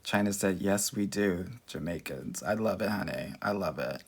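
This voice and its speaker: A man's voice: low-pitched, normal speed, husky. Sassy man calling everyone honey. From United States. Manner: sassy, flamboyant, calls listeners honey and girl. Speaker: dating coach. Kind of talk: live-stream Q&A reading viewer comments.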